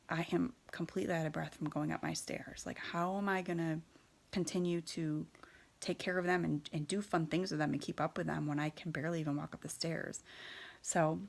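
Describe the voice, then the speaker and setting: A woman in her thirties shares her personal story in a candid, unpolished way. Her voice sits low with a gravelly fry, and she often pauses, restarts and fills gaps as she talks. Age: 30s. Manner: candid, hesitant, many fillers and restarts.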